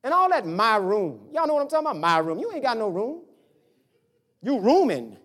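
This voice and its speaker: Talking fast in a very high-pitched voice, a pastor delivers a spirited sermon built around family stories. He brings his parents to life by imitating their voices in dialogue.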